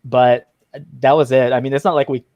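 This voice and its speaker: A man chats casually in a middle-pitched voice, drifting through his points with frequent fillers. The sound is dry and close, with no room around it. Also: fairly even intonation, a little fast, a little mellow, no room sound. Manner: laid-back, filler-heavy musing. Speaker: comic artist guest. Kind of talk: casual group chat.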